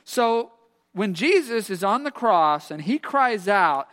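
A middle-aged man preaching a sermon, an animated storyteller who acts out the voices in his story. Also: high-pitched, slow pace, big-room sound. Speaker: pastor. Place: church sanctuary.

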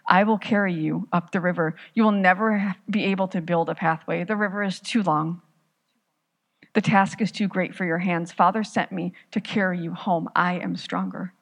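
Patient eldest brother, soft-spoken, calm, reassuring, woman's sermon storytelling, lowish voice. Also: moderate pace. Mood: tender. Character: gentle, patient eldest brother sent to rescue.

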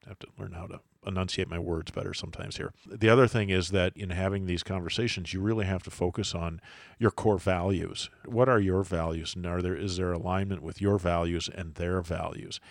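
A man's voice: sits low, fairly even intonation, a little fast, creaky, no echo, clean studio sound. A man co-hosting a casual podcast, talking in a thoughtful, rambling way with many fillers. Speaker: podcast co-host.

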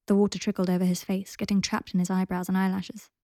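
Woman with a gravelly voice reading a story. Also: medium pitch, little pitch movement, fast talker, dark tone, no echo, studio quality. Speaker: narrator. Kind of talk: audiobook reading of fan fiction.

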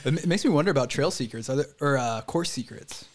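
A man hosting a podcast, asking questions in a relaxed, hesitant way. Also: mid-range voice, fast talker, background noise. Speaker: podcast host. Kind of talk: casual conversation.

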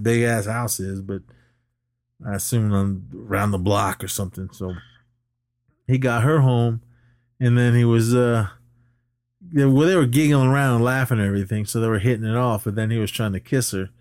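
A man's voice: medium pitch, fairly quick, no room sound. Dry, close-miked man recapping a movie. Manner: animated retelling, laughing often. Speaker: podcast co-host. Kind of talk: casual movie recap chat.

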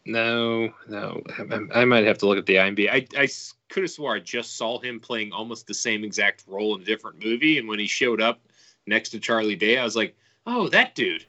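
A man on a casual podcast, making wry, quick interjections. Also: on the low side, steady tone, pushed and bright, muffled recording.

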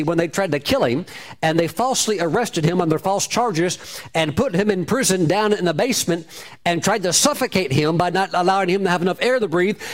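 Lively storytelling male preacher. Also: sits high. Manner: storytelling preacher, repeats phrases, rising and falling emphasis. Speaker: pastor. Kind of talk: sermon.

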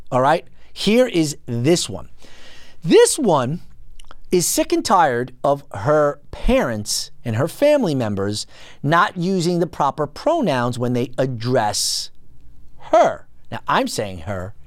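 A man's voice: mid-range voice, no echo, studio quality. A man hosting a podcast, ranting in an indignant, incredulous and mocking way. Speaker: podcast host. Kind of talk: ranting commentary.

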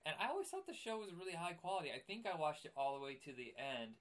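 A man's voice: a little high, very animated, very fast, fairly bright tone. Rambling man chatting about cartoons. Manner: rambling, self-correcting, laughs often. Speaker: podcast co-host. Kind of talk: casual cartoon review chat.

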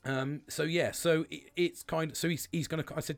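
A man's voice: a little high, fairly even intonation, normal speed, vocal fry. A man talking in a rambling, casual monologue, swearing often and calling people "mate".

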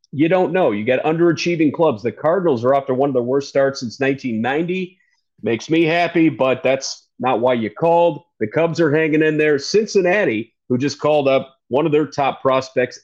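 A man talking baseball casually as the show's analyst, quick and chatty, often correcting himself. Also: mid-range voice, a little mellow, highs cut off. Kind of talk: casual sports talk.

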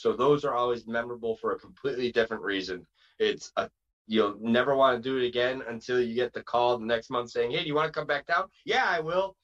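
A man, a pro wrestler guest, telling stories in a casual interview, lively and quick to slip into quoted voices and asides. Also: mid-range voice, lo-fi sound.

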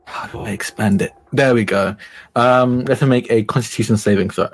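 A man's voice: mid-range voice, moderate pace. Hesitant man describing his spell. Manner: hesitant, full of ums. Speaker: player. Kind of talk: casual game talk.

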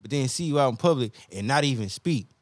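A man's voice: mid-range voice, animated, quick pace, dry recording, studio quality. A man guesting on a casual podcast, telling loose, profane stories full of quoted asides. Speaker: guest musician.

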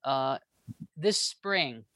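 A man speaking as a guest historian in a casual interview, animated and joking, often restarting his sentences. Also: mid-range voice, extremely slow, no room sound.

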